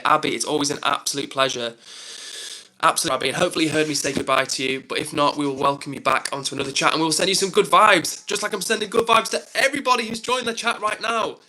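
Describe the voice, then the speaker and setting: A man's voice: a little high, fast talker, pushed and bright, poor audio. A man from England hosting a casual live stream, rambling upbeat through viewer comments with lots of fillers.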